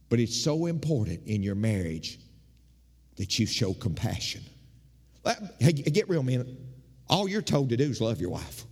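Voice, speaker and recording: A man preaching as pastor in a church, animated and rising in pitch as he drives his points home. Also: a little slow, long pauses, breathy edge, long reverb tail. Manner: animated preaching, mimics congregants with shifting pitch. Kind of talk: sermon. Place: church sanctuary.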